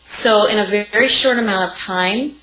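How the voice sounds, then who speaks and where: A woman's voice: medium pitch, moderate pace, fairly bright tone. A woman in her forties, a guest coach, telling a personal story with vivid, piled-up phrases in an interview. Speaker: guest, sex and intimacy coach. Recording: roomy sound with faint background noise.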